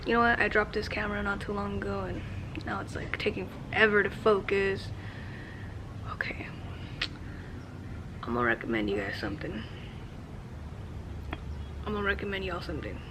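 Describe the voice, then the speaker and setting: A woman's voice: mid-range voice, noisy background. A woman hosting her own cooking vlog outdoors in a backyard, talking in a rambling, chatty way and swearing casually. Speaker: cooking channel host.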